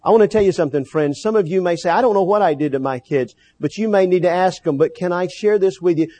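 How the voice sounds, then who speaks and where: A man preaching a sermon, earnest, slowing down to stress key phrases. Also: sits high, mellow.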